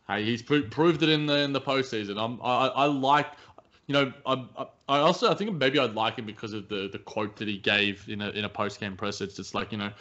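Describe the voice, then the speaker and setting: A man in a casual sports chat who stumbles and restarts often, filling gaps with "um" and "uh". His pitch is ordinary and his pace relaxed. The sound is muffled and lo-fi. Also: a little fast. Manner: hesitant, many restarts and fillers. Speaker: basketball podcast co-host. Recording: dull lo-fi sound.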